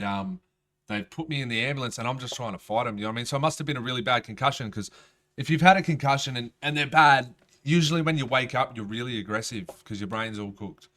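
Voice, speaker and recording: A man's voice: mid-range voice, fairly quick, a bit bright. A man, a rapper telling a rambling, profane story in casual storytelling style. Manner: profane, rambling, streetwise slang.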